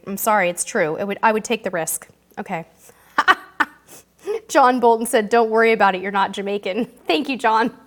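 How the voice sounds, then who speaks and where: This woman is hosting a live-stream Q&A and reads viewer questions aloud, sounding bubbly, chatty, emotional and self-deprecating. Her voice is a little high and a bit bright.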